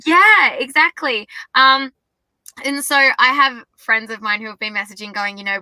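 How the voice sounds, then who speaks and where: A young woman talks excitedly in a casual interview. Her voice is very bright and tense in tone, and the recording is dry with almost no room sound. She gushes and piles on enthusiasm. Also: sits high, normal speed, dry recording, rough recording. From Australia. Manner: bubbly, effusive, gushing. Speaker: singer-songwriter guest.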